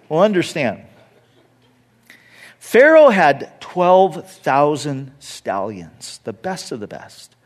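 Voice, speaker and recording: A middle-aged male pastor preaching a sermon in a high, lively voice. He speaks slowly and earnestly, with big swings of pitch, and acts out the people he quotes.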